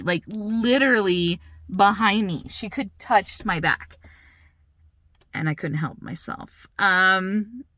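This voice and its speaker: A mother telling a story in a casual vlog, emotional and indignant, holding back tears, talking in quick bursts with many restarts. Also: medium pitch, sharp tone, no echo.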